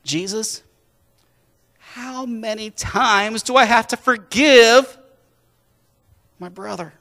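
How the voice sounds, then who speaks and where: A preacher doing an exasperated disciple. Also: male voice, extremely high pitch, takes it slowly, sharp tone, big-room sound, voice pushed up, exaggerated voice. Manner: complaining, rising. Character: exasperated male disciple asking a question.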